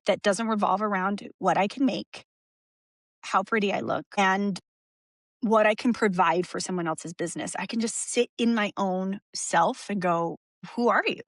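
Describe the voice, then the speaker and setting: A woman speaking as a podcast guest in an open, emotional way, often restarting her sentences and laughing softly. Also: mid-range voice, moderate pace, dry recording, studio quality. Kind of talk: candid conversational interview.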